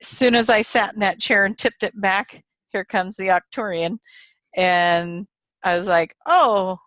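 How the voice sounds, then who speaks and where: A woman's voice: medium pitch, fairly even intonation, unhurried, a bit bright, no echo. A woman guest in an interview, telling a story casually, retelling quoted voices with animation and laughter.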